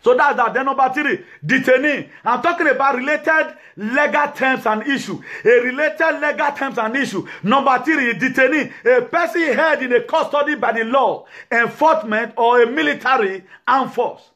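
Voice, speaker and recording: A man's voice: extremely high pitch, moderate pace, hardly any pauses, bright, forceful tone. A man, lecturing and ranting to camera as an activist host, mixing English with Yoruba and pidgin. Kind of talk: impassioned talk to camera.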